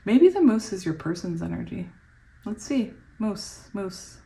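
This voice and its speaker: Giggly, excitable woman reading tarot. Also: mid-range voice, unhurried, creaky. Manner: giggly, excitable, often laughing mid-sentence. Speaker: tarot reader.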